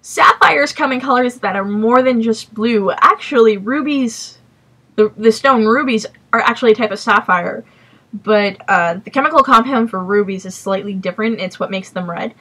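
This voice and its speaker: A woman hosting a casual crafting podcast from home, talking in a chatty, rambling way with quick apologetic asides. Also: fairly high pitch, fairly bright tone, slightly rough. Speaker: podcast host. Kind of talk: casual chat.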